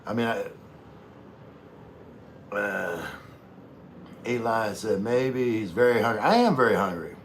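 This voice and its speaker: A man hosting a relaxed livestream, rambling in a folksy way while eating and chatting to viewers. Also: on the low side, measured pace, long pauses, a little hiss or hum. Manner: laid-back, rambling, talks with mouth full; folksy, calls himself country. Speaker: vlogger hosting a live stream.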